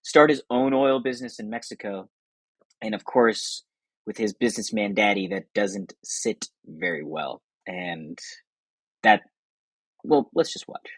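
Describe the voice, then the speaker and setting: A man's voice: on the low side, no echo, rough recording. Enthusiastic young man talking about films. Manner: enthusiastic, quick, laughs often. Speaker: podcast host. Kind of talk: casual film commentary.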